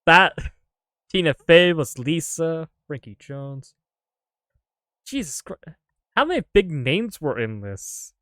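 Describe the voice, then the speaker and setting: A male streamer talking casually to his viewers as he plays, rambling from one joke to the next with the odd offhand curse. His voice sits a little high for a man, and the sound is close and dry, with no room around it. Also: sing-song, takes it slowly, pauses often, a bit bright, no echo. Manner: rambling, joking, swears casually. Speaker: live streamer. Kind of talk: casual live-stream chat while gaming.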